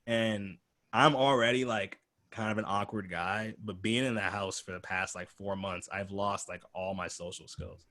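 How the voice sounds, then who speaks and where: A man's voice: on the low side, fairly even intonation, normal speed, bright, forceful tone. A young man hosting a casual podcast chat, talking in a loose, rambling, laid-back way with plenty of filler words. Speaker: podcast host.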